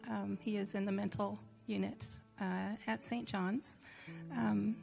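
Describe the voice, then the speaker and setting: A woman's voice: medium pitch, flat delivery, measured pace, creaky, music in the background. A woman speaking informally to her church congregation, hesitant with many ums and light laughs. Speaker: church member addressing the congregation. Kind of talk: casual testimony in church. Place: church sanctuary.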